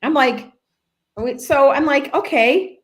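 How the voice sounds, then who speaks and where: Her voice is a little high and her pace moderate. A real estate agent on a podcast, she spins a funny, casual work anecdote, bringing the people in it to life with animated impressions.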